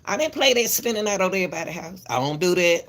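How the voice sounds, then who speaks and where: A woman with a lowish, slightly bright voice talks fast and animatedly to the camera as a commentary channel host. Her casual commentary is emphatic and repetitive; she lectures parents, calls viewers "baby," and often stumbles and restarts her words.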